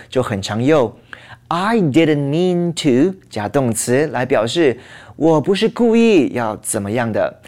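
A man's voice: mid-range voice, a little mellow. A man teaching English grammar, explaining a phrase and walking through example sentences. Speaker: language teacher.

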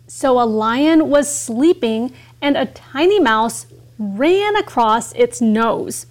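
High-voiced woman teaching English. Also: expressive, slow pace. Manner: explains words simply, reads story aloud. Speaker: co-host of an English lesson.

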